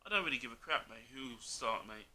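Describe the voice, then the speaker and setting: A man's voice: mid-range voice, lively intonation, fast talker, bright, forceful tone. Blunt man calling everyone mate. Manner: blunt, argumentative, says "mate" constantly. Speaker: co-host, Liverpool fan. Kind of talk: casual football chat.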